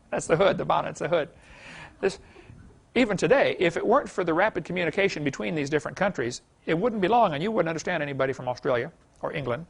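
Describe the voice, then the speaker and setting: A man lecturing a class in a folksy, anecdotal way. His voice sits a bit high and has a gravelly edge. He chuckles often and fills his talk with "you know.". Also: expressive, quick pace.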